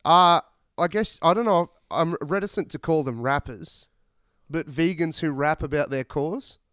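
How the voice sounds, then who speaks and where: A podcast host telling rambling, profane stories in casual chat. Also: male voice, on the high side, a little slow, fairly bright tone, clear, resonant tone, dry recording, studio quality. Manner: rambling, profane, laid-back.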